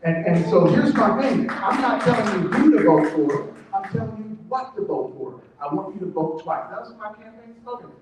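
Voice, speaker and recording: A man's voice: sits high, normal speed, noisy background. A man from Kansas giving a motivational talk to a live audience, telling stories and acting out the dialogue. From Kansas, United States. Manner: animated storytelling, acts out dialogue with shifting voices. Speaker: motivational speaker. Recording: very echoey, distant from the mic, dull.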